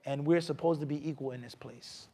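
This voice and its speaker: A man gives a mosque lecture in a fairly high-pitched voice. He is animated and rhetorical, often asking the audience questions and acting out little scenes to make his point. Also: fairly quick. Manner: animated, asks the audience questions, acts out scolding. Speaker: imam giving a talk.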